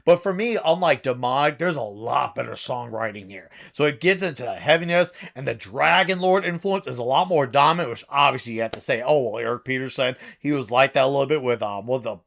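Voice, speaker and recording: A man reviewing his favorite metal albums in a casual vlog, talking in an excitable, gushing way with sudden outbursts and casual swearing. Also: medium pitch, fairly quick, creaky, few pauses.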